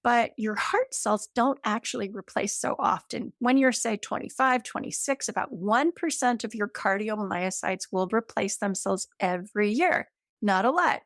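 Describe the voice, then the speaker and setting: A woman's voice: mid-range voice, moderate pace, fairly bright tone, no echo, studio quality. A woman in her fifties, a guest in an interview, explaining science with enthusiasm, checking in with "right?" and using everyday comparisons. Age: 50s.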